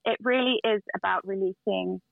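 A woman's voice: mid-range voice, normal speed, creaky, no room sound. A woman guest in casual chat, telling stories earnestly with many fillers and restarts. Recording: dry tinny phone-like line.

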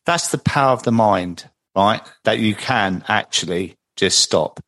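A man's voice: fairly low pitch, unhurried, fairly bright tone. A man hosting a podcast, chatty and full of anecdotes. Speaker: podcast host. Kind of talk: casual podcast conversation.

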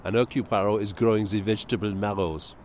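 A man with a lowish voice co-hosts a walking podcast from a small park. He speaks casually with dry, skeptical humor, and faint street noise sits behind him. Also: steady tone, fast, darkish tone. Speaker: podcast co-host. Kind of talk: casual chat and reading aloud on a walk.

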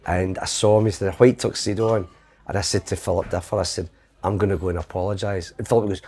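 A man's voice: low-pitched, steady tone, fast, darkish tone, slightly rough. A middle-aged Scottish man telling rambling comic anecdotes, slipping into quoted voices. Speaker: comedian guest. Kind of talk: casual storytelling.

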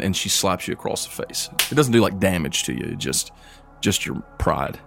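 Low-voiced man running a tabletop game. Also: normal speed, creaky, soft background music. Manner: relaxed, descriptive with fillers. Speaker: game master.

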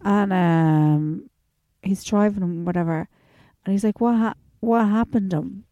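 An Irish woman co-hosting a podcast, telling an animated story in casual chat and acting out the voices of the people in it. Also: medium pitch, measured pace, no room sound, muffled recording. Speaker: podcast co-host.

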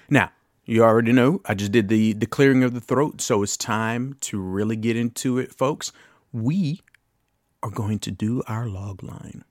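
A man's voice: medium pitch, unhurried, no room sound, clean studio sound. A man in his late thirties hosting a podcast, chatting casually about a film with loose asides and the odd curse word. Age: late 30s. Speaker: podcast host. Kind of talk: casual film review chat.

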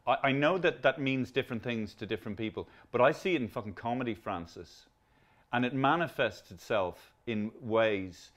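A man's voice: mid-range voice, moderate pace, a bit bright. A man in his fifties hosts a podcast. He rambles, stumbles through restarts and drops blunt swear words into his thoughts. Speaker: podcast host. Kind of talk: casual conversation.

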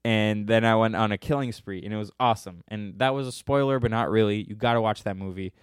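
A man's voice: on the low side, quick pace, smooth, no room sound. Irreverent joking man, dry close podcast sound. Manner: irreverent, joking, laughs at own answers. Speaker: podcast host answering listener questions. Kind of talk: casual podcast chat.

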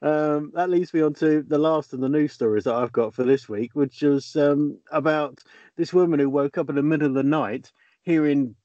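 A man's voice: on the high side, normal speed, a little mellow, no room sound, highs cut off. A man, co-hosting a podcast and telling a news story with a casual, teasing manner. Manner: storytelling with fillers and teasing questions. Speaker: podcast co-host reading news stories. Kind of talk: casual chat.

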